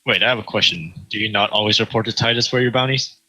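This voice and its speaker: Fast-talking, bright-voiced man in a tabletop game. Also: fairly low pitch, low-quality recording. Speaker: player. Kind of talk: tabletop role-play, casual.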